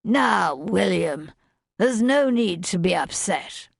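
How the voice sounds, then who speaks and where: A woman voicing a drunken, lecherous young gentleman with a slurred, drawling delivery in an audiobook. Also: mid-range voice, lively intonation, takes it slowly, vocal fry, no room sound, clean studio sound, heavily acted. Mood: smug.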